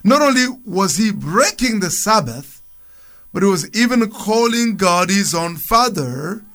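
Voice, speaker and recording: A man's voice: high-pitched, very animated, measured pace, fairly bright tone. A man on a radio program reading Bible passages aloud and explaining them in a loose, conversational way. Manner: reads scripture aloud, then comments with restarts and chuckles. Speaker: church speaker on a radio program.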